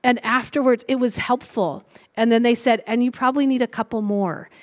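A middle-aged woman gives an earnest, reflective sermon in a slightly high voice. She slows down to stress key lines and speaks with heartfelt conviction. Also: fairly even intonation. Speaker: preacher. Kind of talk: sermon with personal testimony.

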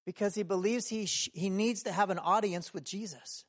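A man preaching a sermon in a conversational way, asking the room many questions and acting out the voices in his story, sometimes shouting. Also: sits high, fairly even intonation, moderate pace. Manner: acts out quoted voices, shouting at times.

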